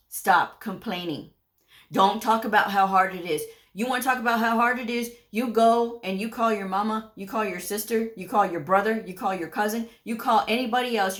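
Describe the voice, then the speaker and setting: A woman hosting a career advice channel, speaking bluntly and folksy to viewers in a scolding, direct-to-camera way. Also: medium pitch. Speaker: medical coding channel host.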